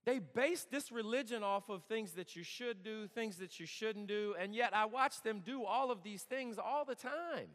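With hardly any pauses, a man whose voice sits high and sounds fairly bright speaks at a normal speed in a hall with long reverb. He's a campus worship speaker in his thirties, giving an earnest, conversational, story-driven sermon with some humor.

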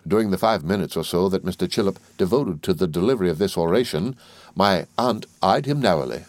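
A man narrating a classic novel as an audiobook reader in a measured, even delivery. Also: low-pitched, no room sound.

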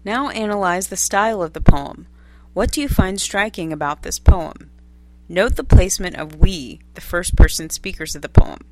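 Lower-voiced woman reading a literature lesson. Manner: measured, posing many study questions. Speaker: lecturer reading course text.

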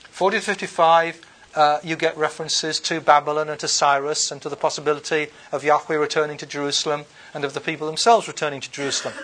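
Male lecturer, slightly high voice, reads verses then explains them casually, lots of fillers. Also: a bit bright. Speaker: bible lecturer. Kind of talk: unscripted lecture with scripture readings.

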